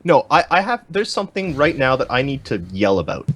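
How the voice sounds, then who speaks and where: A man's voice: medium pitch, big pitch swings, a little fast, fairly bright tone. A man co-hosting a live podcast, ranting animatedly through a story in casual chat. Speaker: podcast co-host.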